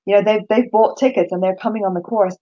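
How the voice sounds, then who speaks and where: A woman leading a course, talking in a casual conversation, animated and quick to act out other people's voices, with frequent restarts. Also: mid-range voice, muffled recording. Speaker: course leader and speaker.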